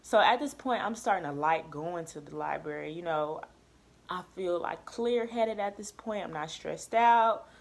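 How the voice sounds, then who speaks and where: A woman's voice: on the low side, measured pace, creaky. A young woman vlogger, telling a personal story in casual chat and acting out quoted dialogue. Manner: emphatic, lively retelling with quoted dialogue.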